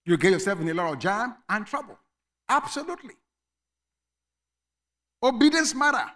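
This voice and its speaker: Lively high-voiced preacher, bright and emphatic. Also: male voice, normal speed. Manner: emphatic, swings from quiet asides to shouted commands. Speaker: pastor. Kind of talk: sermon.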